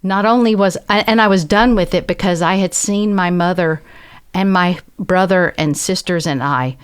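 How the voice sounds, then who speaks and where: As a podcast guest, a woman with a Southern American accent shares a personal story, earnest and reflective, acting out the people she quotes in conversational storytelling. She speaks smoothly at a normal speed, her voice on the low side.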